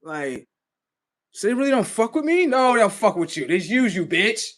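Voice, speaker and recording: Male live streamer, high-pitched and animated, with a profane, slangy rant. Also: quick pace.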